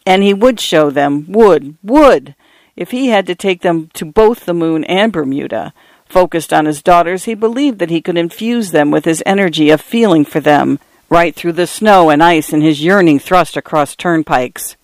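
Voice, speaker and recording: A man's voice: fairly high pitch, normal speed, dry recording. Man reading a literary story aloud. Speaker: narrator. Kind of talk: audiobook narration.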